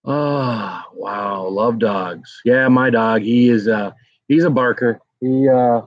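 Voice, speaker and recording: A man's voice: fairly low pitch, measured pace, no echo. A middle-aged man hosting a live stream from home, chatting casually and rambling with lots of fillers as he reads viewer comments. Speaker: livestream host. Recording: dry, dull lo-fi sound.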